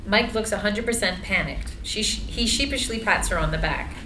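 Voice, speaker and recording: A woman's voice: mid-range voice, moderate pace, sharp tone. A woman narrating screenplay stage directions in a table read, matter-of-fact. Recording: echoey room, faint noise.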